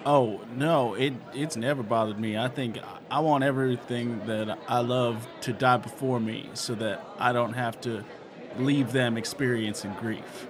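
A man's voice: medium pitch, fairly even intonation, unhurried, crowd noise. A man performing improvised comedy with an earnest, offbeat delivery.

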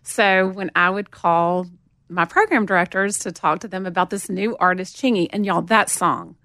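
A woman in her forties with a Southern US accent, telling lively stories as an interview guest. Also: normal speed, dry recording, studio quality. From Montgomery, Alabama. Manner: animated storyteller, acts out quotes in a higher voice. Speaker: guest, music promotion veteran. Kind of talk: casual storytelling interview.

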